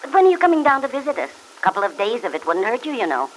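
An actress playing a warm, friendly, optimistic country aunt in a 1940s-style radio drama. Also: female voice, on the high side, sing-song, very fast, slight background noise, rough recording.

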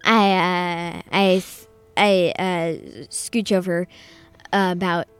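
A woman's voice: fairly low pitch, steady tone, slow pace, clear, resonant tone. Woman player, hesitant, stammering, giggly, faint music behind. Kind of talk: playing a tabletop game.

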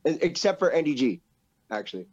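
A man's voice: fairly high pitch, a little fast. Slangy man in a casual podcast chat. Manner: animated slangy talk, heavy swearing, many "bro" and "yo". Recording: dull lo-fi sound.

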